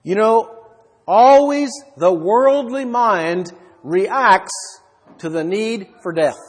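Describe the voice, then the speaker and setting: A man with a high, husky voice delivers an expository sermon. He is emphatic and poses rhetorical questions to his listeners. His words ring out with a long reverb, as in a large hall. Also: animated, drawn-out words. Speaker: preacher.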